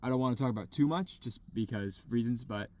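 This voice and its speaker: A man co-hosting a podcast from a parked car, chatting casually and excitedly about albums, swearing freely. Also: medium pitch, fast talker. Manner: excitable, swears, imitates vocals. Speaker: podcast co-host. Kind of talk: casual chat.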